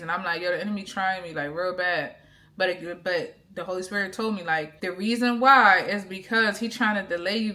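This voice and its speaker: Excited woman giving a bright-voiced testimony. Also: mid-range voice. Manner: excited, emphatic, repeats herself. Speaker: faith vlogger. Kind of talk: casual testimony to camera. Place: bedroom with pillows behind her. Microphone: camera.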